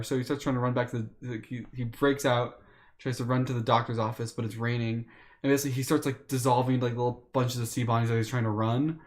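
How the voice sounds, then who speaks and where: A man streaming, retelling a story in a casual, animated way with lots of fillers. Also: mid-range voice, fast talker. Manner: animated retelling, with many fillers and acted quotes.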